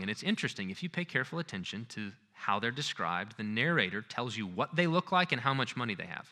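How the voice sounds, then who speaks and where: Animated man lecturing, bright edgy voice. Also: mid-range voice. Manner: animated, acts out scenes, conversational. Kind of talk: conference lecture.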